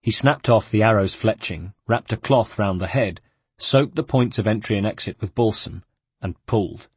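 A male narrator reads a novel aloud in a measured, steady way. His voice sits low with a husky edge. The recording is dry and close, with no room sound. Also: no room sound. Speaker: audiobook narrator. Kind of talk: scripted narration.

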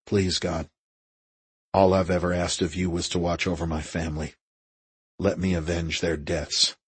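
A man reading as a grim ex-soldier praying low. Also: flat delivery, normal speed, slightly rough, no echo. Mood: hushed prayer. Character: grim male former soldier praying quietly.

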